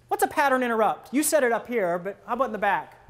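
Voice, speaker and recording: Animated, fast, and a bit bright, a presentation-skills trainer runs a live workshop. He fires questions at the audience and dips into a lower voice to act out what listeners think as their minds wander.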